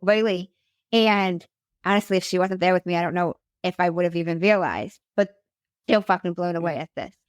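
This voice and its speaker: Young woman yapping thru a wild travel story, swears a lot, acts out every line, smooth clear voice, dry sound. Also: fairly low pitch, fairly quick, no room sound. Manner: animated, profane, acts out quotes. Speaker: podcast host telling her story as guest. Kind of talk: casual storytelling chat.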